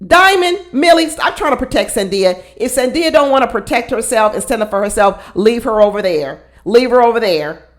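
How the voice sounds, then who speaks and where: A woman's voice: a little high, expressive, moderate pace. A woman hosting a casual reality show recap, blunt and sassy, often repeating her points for emphasis.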